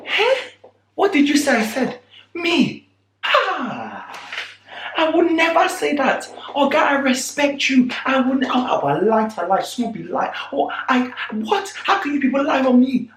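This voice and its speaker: A man doing a frantic grown man caught in a lie, his voice jumped way up high and squeaky as he swears he never said it. He pleads and protests in a rush of denials. The room around him rings with echo. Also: sing-song, a little slow, a bit bright, slight background noise, heavily acted. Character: panicky pleading male land tout, shrill. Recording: roomy echo.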